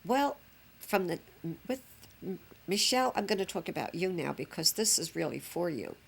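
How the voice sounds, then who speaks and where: A woman's voice: lowish voice, big pitch swings, moderate pace, gravelly, husky. An older woman, a grandmother reminiscing fondly in a chatty, rambling way. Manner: chatty, fond, rambling with fillers. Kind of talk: reminiscing home recording.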